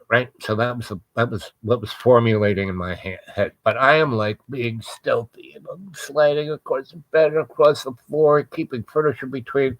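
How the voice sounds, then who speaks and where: A man's voice: fairly low pitch, no room sound, low-quality recording. A man hosting a show, telling a personal story in a casual, rambling way with frequent restarts and asides. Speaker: host.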